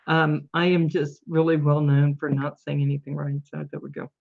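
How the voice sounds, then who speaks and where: A woman's voice: low voice, level tone, normal speed, vocal fry. Chatty older woman on muffled call audio. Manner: chatty, giggly. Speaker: host. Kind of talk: casual chat on a video call.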